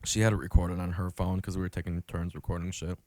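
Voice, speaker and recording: A man's voice: deep voice, completely flat delivery, quick pace, darkish tone, dry recording. A young man hosting a podcast, telling a rambling, profane story full of fillers. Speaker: podcast host. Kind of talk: casual chat.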